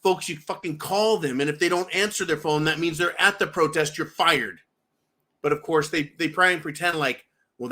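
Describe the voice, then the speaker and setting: A commentary-show host with a slightly high, sharp voice launches into an angry political tirade. He swears all the time, rages at his audience, and keeps referring to them as folks.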